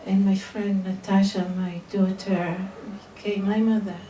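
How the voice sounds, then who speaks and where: Brief: middle-aged woman, live storyteller, unhurried and mellow, recorded roomy and distant with faint noise. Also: medium pitch, flat delivery. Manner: slow, soft and heartfelt, with hesitant restarts. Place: storytelling event venue.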